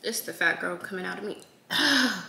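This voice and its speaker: A woman's voice: mid-range voice, animated, moderate pace, vocal fry, sharp tone. A woman vlogger chatting casually in slang while eating, with a runny nose. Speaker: food vlogger. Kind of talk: casual mukbang chat to camera. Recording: echoey room with faint noise.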